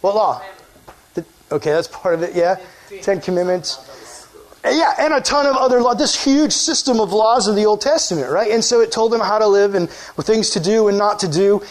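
A man preaching a casual sermon in an animated, conversational way, quizzing his listeners as he goes. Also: high-pitched, normal speed.

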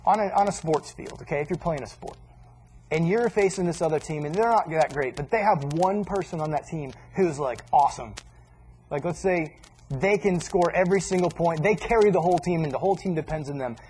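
A man preaching a sermon in a casual, animated way, acting out little asides as he teaches. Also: a little high, a little fast, a little hiss or hum, rough recording.

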